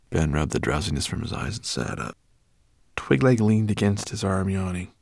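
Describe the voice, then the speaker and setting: A man narrating an audiobook in an even, measured reading voice. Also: low voice, vocal fry, no room sound, studio quality.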